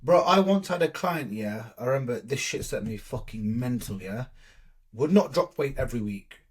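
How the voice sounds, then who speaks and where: A man's voice: medium pitch, animated, normal speed, husky. A young man, a bodybuilding coach, telling stories in a casual podcast chat, swearing often and acting out both sides of his conversations.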